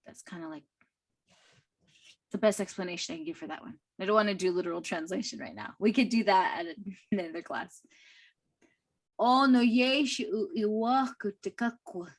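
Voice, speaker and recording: A woman teaching a language class, reading a short story aloud line by line and explaining it slowly and carefully. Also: mid-range voice, expressive. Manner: slow, careful, with fillers and soft laughs.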